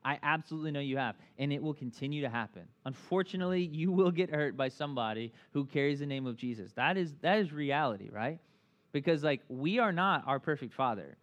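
A man's voice: on the high side, muffled recording. Guy pastor giving a sermon, super conversational, keeps saying "like" and "right?". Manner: animated and chatty, full of asides; often asks "right?" and "like".

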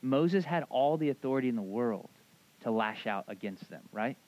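A man in his thirties preaching a sermon, animated and casual, acting out voices in his retelling. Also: medium pitch, normal speed, muffled recording. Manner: animated storyteller, acts out voices, casual asides. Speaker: pastor.

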